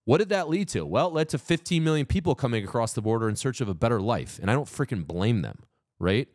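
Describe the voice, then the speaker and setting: A man co-hosting a podcast, talking politics in a heated, profane way that climbs into loud mock rants. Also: medium pitch, expressive, fast talker, no room sound, clean studio sound. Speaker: podcast co-host. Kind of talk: casual political chat.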